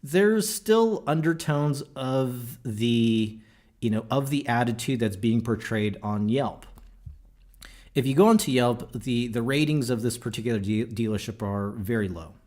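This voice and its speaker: A man hosting a podcast, talking in a casual, animated and jokey way with many fillers and restarts. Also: medium pitch, unhurried. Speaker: podcast host.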